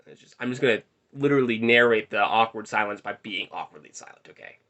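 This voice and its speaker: A man's voice: fairly low pitch, fast, sharp tone. A young man telling a rambling, self-deprecating story in a casual vlog, recorded in his bedroom. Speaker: vlogger.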